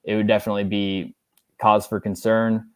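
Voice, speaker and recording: A man on a podcast as a guest analyst, breaking down football plays in a casual, halting way full of fillers and restarts. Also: on the low side, level tone, smooth, dry recording.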